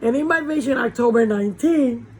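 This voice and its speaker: A woman pastor giving an informal sermon from a small warm room with a fan running, preaching conversationally with rhetorical questions. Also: a little high, brisk, a little hiss or hum, poor audio.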